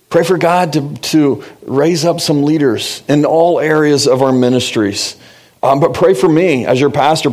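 A man's voice: a little high, a little mellow. A middle-aged man, a pastor, preaching a sermon in an earnest, conversational way and asking the congregation questions.

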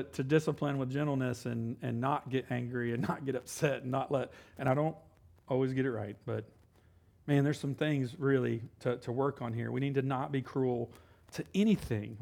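A man in his thirties preaching a casual sermon. He peppers his talk with "man" and "right?" and slows down to read scripture. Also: medium pitch, vocal fry, darkish tone. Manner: reads scripture slowly and deliberately. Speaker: pastor.

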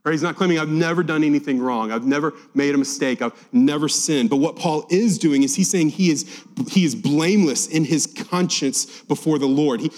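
Animated preacher, man, in a reverberant hall. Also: a little high. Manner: animated, voices scripture quotes dramatically. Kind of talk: sermon, Bible teaching.

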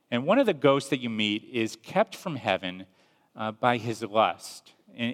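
A man preaching a sermon in a measured, earnest storytelling manner. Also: mid-range voice, fairly bright tone. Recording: long reverb.

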